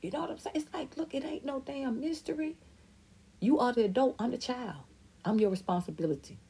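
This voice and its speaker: This middle-aged podcast host has a warm, husky voice that sits high and moves a little fast. Reading viewer comments, she speaks frankly and forcefully about her own life, now and then mimicking how others sound.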